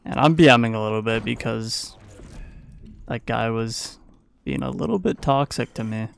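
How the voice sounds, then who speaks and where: A man recapping his gameplay in a casual, playful voice-over, the way a gaming channel host talks his audience through a match. His voice sits at a middle pitch with a gravelly, fry-touched edge, while staying smooth and clear. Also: normal speed. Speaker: gaming YouTuber.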